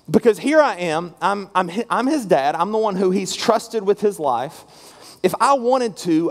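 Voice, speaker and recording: A guest pastor in his thirties tells a story from the pulpit, earnest and conversational, doubling back on his words as he goes. He is a man with a fairly high voice. His voice rings out with a long tail of reverb in a large church sanctuary. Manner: earnest and conversational, with frequent restarts. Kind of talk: storytelling sermon.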